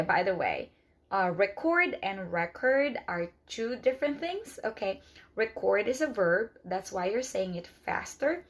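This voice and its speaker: A woman English teacher who is not a native speaker, explaining step by step in a casual spoken lesson. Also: medium pitch. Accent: non-native English speaker. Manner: earnest, explains step by step with many "okay"s.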